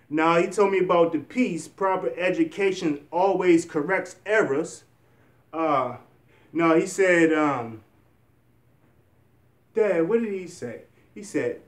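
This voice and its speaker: High-voiced man in an echoey room. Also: slow, pauses often, distant mic. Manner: earnest, rambling, encouraging, with restarts. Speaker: vlogger. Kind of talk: motivational vlog talk.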